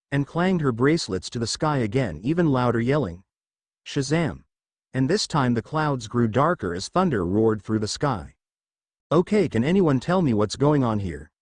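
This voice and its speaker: A man's voice: mid-range voice, no echo. A man narrating a superhero fan-fiction story with dramatic storytelling. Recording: dry close recording.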